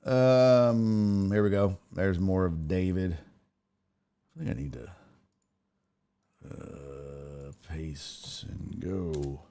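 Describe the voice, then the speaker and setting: A man's voice: deep voice, animated, very slow, gravelly, long pauses, dark tone. A man hosting a casual sports talk stream, reading viewer comments aloud and riffing on them in loose, profane banter. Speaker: sports talk show host.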